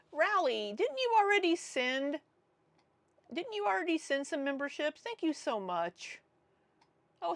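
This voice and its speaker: A woman with a medium-pitched, creaky voice hosts a casual reaction livestream. She's blunt and sarcastic and swears freely.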